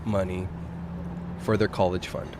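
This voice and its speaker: A man's voice: low voice, level tone, measured pace, background noise. A man hosting a podcast, musing thoughtfully in a casual conversation. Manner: reflective, muses on life and culture. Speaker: podcast host. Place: outdoor restaurant patio at night.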